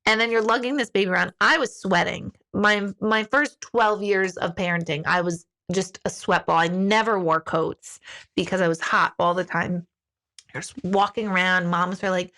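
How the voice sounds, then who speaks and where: A woman in her forties chatting frankly on a live stream, reading out comments from viewers. She speaks in a middle register and lurches into high, theatrical voices when she mimics other people. Her pace runs fast in bursts, then slows down. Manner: candid, animated, acts out quotes with big pitch jumps and swearing. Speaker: intuitive hosting a live video, reading comments. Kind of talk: casual live-stream chat.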